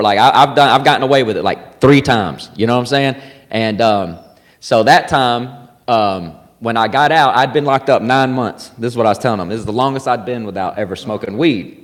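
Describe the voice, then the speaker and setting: A man hosting a podcast, telling stories in a loose, profane, casual chat. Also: mid-range voice. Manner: animated, loose, swearing freely. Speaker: podcast host. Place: comedy club. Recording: long reverb in a club room.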